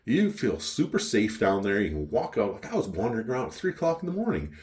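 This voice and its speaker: A man's voice: on the low side, quick pace. A middle-aged man from Canada with a Canadian accent, telling rambling, profane stories in his home wine cellar. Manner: profane, chatty, animated. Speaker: vlogger. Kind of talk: rambling storytelling.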